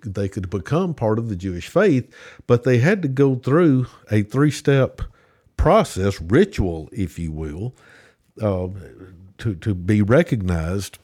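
A man's voice: on the low side, darkish tone, breathy edge. A man with a Southern US accent explaining a religious topic as a podcast guest, with many restarts and fillers. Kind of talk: casual theological discussion.

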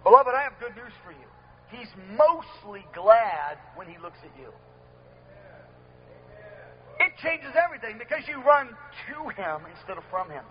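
High-voiced earnest male preacher. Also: very animated, unhurried, long pauses, highs cut off. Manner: earnest, emphatic, repeats key phrases. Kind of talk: sermon. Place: room with a live audience.

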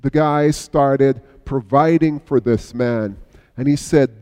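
A middle-aged male pastor preaching a sermon, telling a story with sudden swings between hushed and raised passages. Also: medium pitch, slow pace, clean tone. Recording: long hall reverb.

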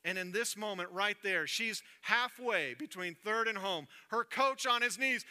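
A man preaching a sermon in a church, telling a story with animated energy and dropping low and soft for emphasis. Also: a little slow, hardly any pauses, smooth. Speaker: pastor. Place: church sanctuary. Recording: long reverb of a church hall.

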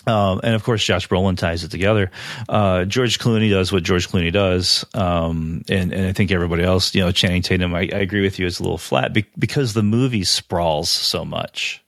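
A man co-hosting a podcast, in a casual film discussion, enthusiastic and quick to laugh, with frequent restarts. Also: low-pitched, gravelly, no room sound, clean studio sound. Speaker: podcast co-host.

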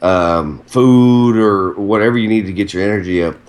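A man's voice: lowish voice, moderate pace. A man telling a rambling story in casual chat, with many fillers.

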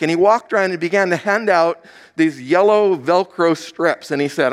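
A man preaching, his voice sitting a bit high for a man. He tells a story from the pulpit and plays out the lines of the people in it with lively shifts. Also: moderate pace. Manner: storytelling with lively acted quotes. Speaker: pastor. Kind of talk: sermon.

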